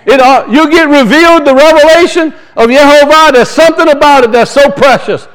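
A man's voice: very high-pitched, brisk, a bit bright, low-quality recording. A man preaching a sermon, telling folksy stories and reading scripture with rising emphasis. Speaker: pastor.

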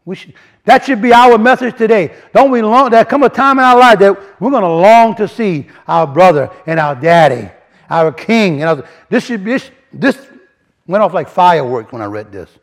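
A man delivering a sermon, talking his congregation through word meanings. His voice sits high and moves with wide swings of pitch. He often restarts phrases and leans into key words. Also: moderate pace. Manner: animated, repeats and restarts, rising emphasis, colloquial grammar. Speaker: preacher. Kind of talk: sermon teaching from word studies.

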